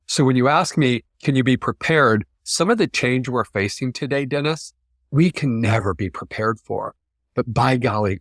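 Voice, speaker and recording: An earnest man from the United States, a guest talking about his work in a sincere, heartfelt way. His pitch sits in the middle range, and the recording is dry and close. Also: moderate pace, no echo. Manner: earnest, heartfelt, quote-driven. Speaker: interview guest, ethics practitioner. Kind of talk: reflective interview talk.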